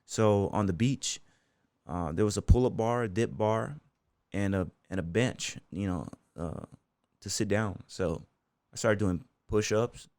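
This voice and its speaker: Man, from the US, low voice, dry close sound, casual rambling storyteller, podcast guest. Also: a little slow, a little mellow, dry recording. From United States. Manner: loose anecdotal storyteller, many fillers like "you know" and "man". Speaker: podcast guest, bull rider and gym owner.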